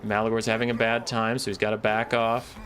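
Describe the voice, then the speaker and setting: A man's voice: fairly low pitch, monotone, brisk, a bit bright, a little hiss or hum. A man streaming a strategy game, giving casual running commentary on his moves, playful and self-deprecating. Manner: playful, mock-scolding asides, self-deprecating. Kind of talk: casual live gameplay commentary.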